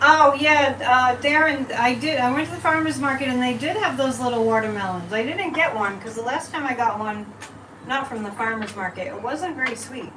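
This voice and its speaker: Her voice sitting high and her pace normal, a woman psychic rambles and chats straight to viewers during a casual livestream card and tea leaf reading on her channel. She's recorded from a distance, with roomy sound and background noise.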